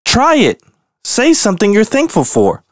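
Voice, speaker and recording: A man's voice: fairly high pitch, sing-song, unhurried, no echo, studio quality, voice pushed up. A man voicing a grumpy young grizzly bear cub in a storybook reading, raised a little above his own voice. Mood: cheerful. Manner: complaining, later cheerful chant.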